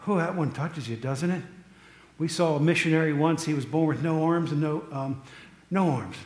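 Chatty pastor in an echoey hall. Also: male voice, fairly high pitch, normal speed, darkish tone. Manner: conversational, jokey asides to the congregation. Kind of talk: casual sermon.

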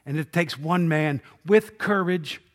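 A man preaching a sermon in a church, his voice a little higher than most men's. He talks to the congregation like friends, firing off rhetorical questions and dropping from loud calls to near hushes. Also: measured pace. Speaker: pastor. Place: church sanctuary.

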